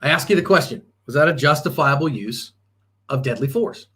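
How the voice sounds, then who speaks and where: A man's voice: on the high side, lively intonation, fairly quick, a bit bright. A man giving a live self-defense seminar as the instructor, talking emphatically with fillers and restarts.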